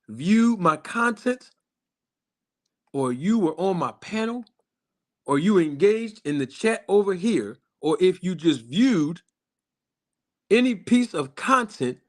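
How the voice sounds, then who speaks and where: A man hosting a boxing channel's live stream, speaking emphatically and repetitively straight to his viewers, slowing down to stress his points. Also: sits high. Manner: slows down for emphasis on key lines. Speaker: boxing YouTube channel host.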